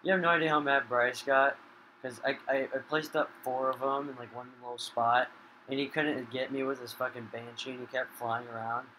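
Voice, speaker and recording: A man giving casual gaming commentary while he plays, swearing a lot and flaring into loud rage. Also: medium pitch, fairly even intonation, fairly quick, a little hiss or hum, low-quality recording. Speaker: gamer.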